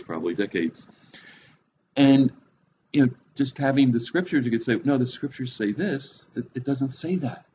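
A man's voice: fairly low pitch, darkish tone, slight background noise. A middle-aged man giving a casual, conversational Bible teaching, thinking aloud with fillers and asides.

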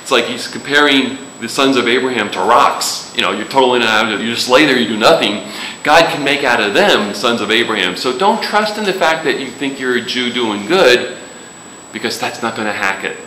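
A man's voice: medium pitch, animated, moderate pace, bright, forceful tone, a little hiss or hum. A man preaching a sermon in a casual, joking way, with sudden emphatic rises. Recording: echoey room with faint ambience.

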